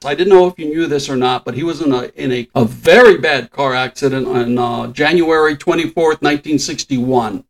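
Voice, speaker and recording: A man's voice: mid-range voice, moderate pace, few pauses, rough recording. An older man in casual podcast chat, telling trivia stories with frequent chuckles. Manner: chatty storyteller, shares trivia, chuckles often. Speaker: podcast co-host.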